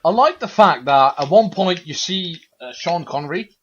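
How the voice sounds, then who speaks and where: A man's voice: a little high, lively intonation, moderate pace. A man co-hosting a casual chat over a video call, playful and teasing. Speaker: podcast co-host. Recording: dull lo-fi call audio.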